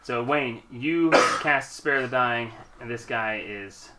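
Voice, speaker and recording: A man running a tabletop game as game master, animated and often laughing as he narrates the monsters. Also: medium pitch, slow pace, a little hiss or hum.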